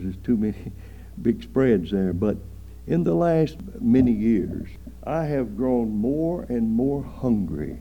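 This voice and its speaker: A man preaching a sermon slowly and earnestly, drawing out phrases and rising for emphasis. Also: lowish voice, vocal fry. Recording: dull lo-fi sermon recording.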